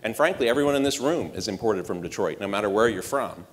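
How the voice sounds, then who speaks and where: A middle-aged man delivers a conference keynote on a stage mic, his voice low-pitched and carrying a long hall reverb. He talks in punchy bursts, firing rhetorical questions and dropping dry, sarcastic asides. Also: animated, fast talker, slight background noise. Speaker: marketing executive giving a conference talk.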